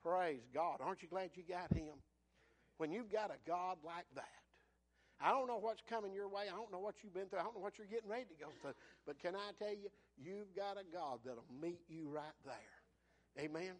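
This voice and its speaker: A man preaching a sermon, telling Bible stories in a folksy way and swinging from hushed to shouting. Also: sits high, expressive, moderate pace.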